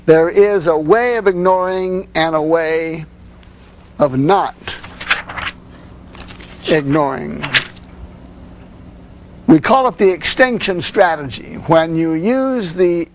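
High-voiced man lecturing parents. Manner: earnest, with frequent "you see". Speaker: parenting instructor.

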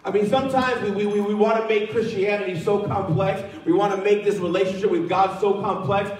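Pastor, male, high-pitched, earnest sermon delivery with restarts, recorded from a distance in a very echoey church hall. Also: steady tone, fairly quick. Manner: earnest preaching with repeated phrases and restarts. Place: church sanctuary.

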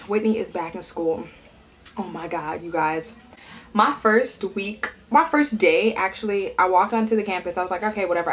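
A woman's voice: medium pitch, fairly bright tone, a little hiss or hum. A young woman vlogger chatting casually and telling stories while she eats, acting out the voices of people she quotes.

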